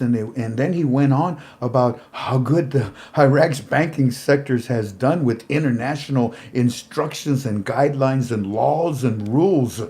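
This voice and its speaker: Excitable man repeating himself. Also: medium pitch. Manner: animated, repeats words, chuckles often. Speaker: show host. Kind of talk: casual commentary.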